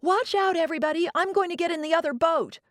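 Woman reading as a pushy little girl, high and piping, talks fast and bold, lively up and down. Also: dry recording, clean studio sound. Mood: pleading. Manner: pushy, eager and matter-of-fact. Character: young girl, bossy know-it-all daughter.

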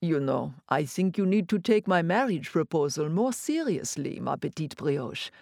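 A man's voice: a little high, big pitch swings, moderate pace, vocal fry, darkish tone, no room sound. A woman voicing an exuberant, flirtatious French male pastry chef in his thirties, speaking with a French accent in a dry, close audiobook reading.

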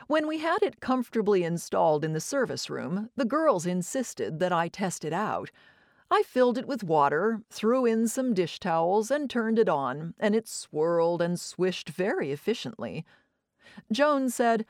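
A woman narrating a comic memoir as an audiobook, wry and expressive, acting out her family's voices. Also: medium pitch, measured pace, no room sound, studio quality.

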